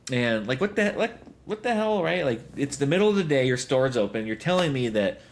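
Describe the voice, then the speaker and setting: A man's voice: mid-range voice, sing-song, a little fast. A man in his thirties hosting a podcast, telling rambling stories full of fillers and chuckles. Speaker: podcast host. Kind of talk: casual podcast chat.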